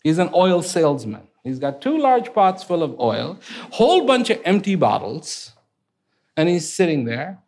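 Animated male storyteller, lively pitch. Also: measured pace. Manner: animated, conversational with fillers. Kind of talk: casual spoken storytelling.

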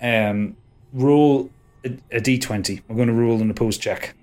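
A man's voice: mid-range voice, unhurried, a little mellow. A man narrating as game master of a tabletop game, rambling and hesitant with fillers.

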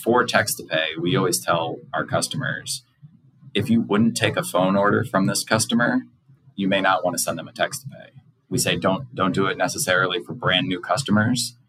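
A man's voice: sits low, fairly even intonation, moderate pace, a bit bright, slight background noise, low-quality recording. A man, a company co-founder and guest, explaining payment processes in a plain, practical way. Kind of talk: explaining to an interviewer.

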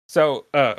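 A man on a casual podcast telling a workplace story in a lively, animated way, acting out the people he quotes. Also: dry recording, clean studio sound. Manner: animated storyteller who acts out quoted voices.

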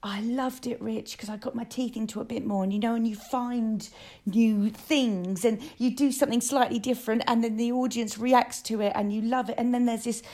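A woman, an actress chatting excitedly and gushing about her stage work. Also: on the high side, fairly quick. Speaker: West End musical actress, guest. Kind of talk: casual chat.

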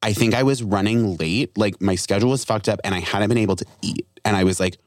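A young man hosting a comedy podcast talks quickly in a slightly low voice. He tells his stories in an animated way and acts out the other people's lines. The sound is dry and close. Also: no echo. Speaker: podcast host. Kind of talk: casual comedy podcast chat.

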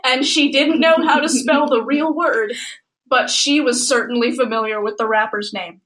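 Bright, high-voiced woman reading aloud. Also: normal speed. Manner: dramatic, giggly, plays up the reading. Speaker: podcast co-host reading fan fiction aloud. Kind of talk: casual group chat, reading aloud.

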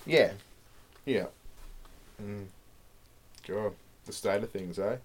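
Young aussie guy podcasting with his mate, lowish voice, swears a lot, goofy riffs. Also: slow pace, slight background noise. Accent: Australian. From Australia. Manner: swears often, laughs, riffs on silly ideas. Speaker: podcast co-host. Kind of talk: casual chat.

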